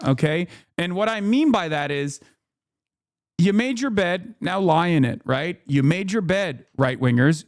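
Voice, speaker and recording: A man's voice: fairly high pitch, a little mellow, no echo, studio quality. A man streaming a casual commentary rant, emphatic and profane, stumbling over fillers and restarts.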